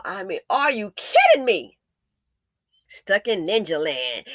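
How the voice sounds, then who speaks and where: A woman's voice: medium pitch, big pitch swings, takes it slowly, pauses often, fairly bright tone, dry recording. A woman hosting a commentary video, ranting in an angry, profane, scolding way. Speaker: commentary channel host. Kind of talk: blunt commentary rant.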